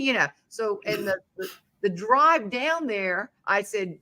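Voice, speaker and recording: Bright, animated woman telling stories. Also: medium pitch, normal speed. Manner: animated storyteller, acting out voices. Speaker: podcast host. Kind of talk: casual interview chat.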